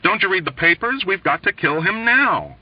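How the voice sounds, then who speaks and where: A man voicing a rough, quavering young airman, loud and overwrought, in a novel read aloud. His voice leaps high and swings widely as he fails to keep it low. The recording is dry and a bit dull. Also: lively intonation, moderate pace, no echo. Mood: agitated. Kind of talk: audiobook reading.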